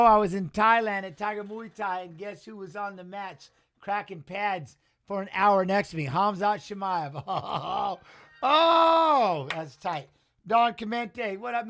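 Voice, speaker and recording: Excitable high-voiced man hosting a watch-along. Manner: excitable, chatty, reads out chat messages. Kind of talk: casual live-stream commentary.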